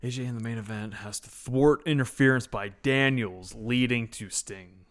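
Male co-host, average pitch; blunt, profane, jokey chat. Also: moderate pace. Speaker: podcast co-host. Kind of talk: casual chat.

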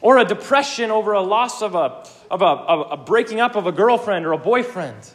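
A man's voice: high voice, lively intonation, fairly quick, a bit bright. A young man preaching a sermon, earnest and emphatic, with casual asides.

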